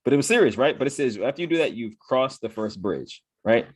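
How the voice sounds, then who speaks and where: A man's voice: medium pitch, expressive, fairly quick, breathy edge, no room sound, clean studio sound. A man giving a casual motivational talk, tagging "right?" onto almost every point and acting out his own inner voice in quotes. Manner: repeats "right?" after nearly every point. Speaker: motivational speaker.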